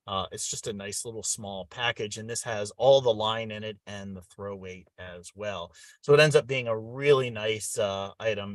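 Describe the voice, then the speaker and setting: Low-voiced man explaining gear. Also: a bit bright, no room sound. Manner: practical, explanatory, with fillers. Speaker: host. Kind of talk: casual show-and-tell chat.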